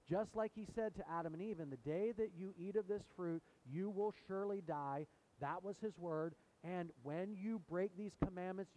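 Animated high-voiced pastor preaching. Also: male voice, poor audio. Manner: animated, asks the congregation questions. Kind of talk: sermon. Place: church sanctuary.

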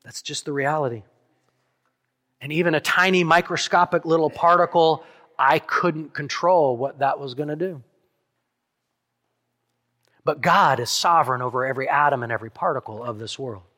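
Male pastor, sermon, earnest, soft on key lines, higher-pitched voice, long hall echo. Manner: earnest preaching, soft pauses on key lines, quick asides.

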